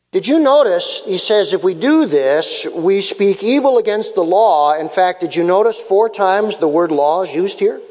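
Male pastor, high voice, slow deliberate sermon delivery, repeats lines for emphasis, long hall reverb. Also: a little mellow. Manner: preaching with repeated emphatic phrases and acted-out dialogue.

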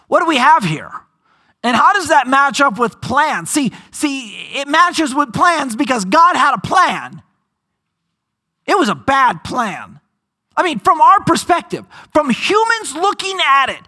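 Pastor, male, high bright tone, chatty sermon delivery with sudden loud emphasis. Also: sing-song. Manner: conversational, with dramatic slowdowns and bursts of emphasis.

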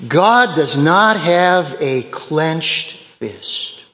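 A man's voice: fairly high pitch, expressive, extremely slow, fairly bright tone, in a large hall. A man preaching a sermon as pastor, emphatic and repeating key phrases for effect.

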